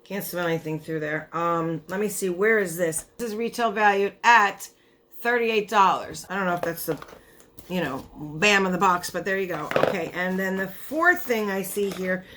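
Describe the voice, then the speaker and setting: A woman's voice: lowish voice, moderate pace, fairly bright tone, slight background noise. A young woman vlogger chatting casually through a beauty box unboxing, tired, her voice giving out, rambling and cutting herself off. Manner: chatty, rambling, self-interrupting.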